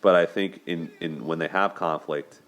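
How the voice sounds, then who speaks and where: A man's voice: low-pitched, fairly even intonation, moderate pace, a bit bright. A young man hosting a solo video, talking through a film's relationships in an earnest, conversational way. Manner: earnest, conversational, repeats words when restarting. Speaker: host discussing relationships.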